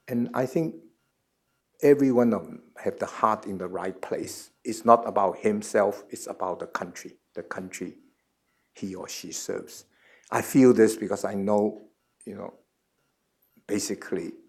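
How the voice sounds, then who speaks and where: A man in his seventies answering questions as a guest at a forum, earnest and halting, often repeating words before he finds the next phrase. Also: on the low side, vocal fry, husky. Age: 70s. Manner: earnest, measured explanation. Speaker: guest speaker.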